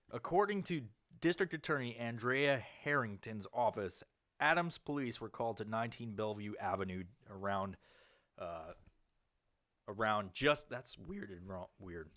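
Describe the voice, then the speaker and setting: A man's pushed, bright voice comes through at studio quality with no room sound. He co-hosts a podcast, reading news stories in casual banter, and he laughs a lot, swears openly and leaps into squeaky put-on voices.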